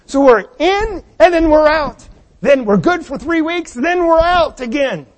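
A pastor with a high voice delivers a sermon at a measured pace, preaching with animation and repeatedly putting rhetorical questions to the congregation. The long reverb of a hall rings around his voice.

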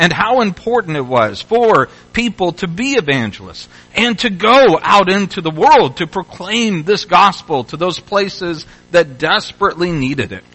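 A man's voice: fairly high pitch, bright, forceful tone, rough recording. A man from Louisville, Kentucky, preaching a sermon in a conversational way, with frequent restarts and bursts of rising exhortation. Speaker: pastor.

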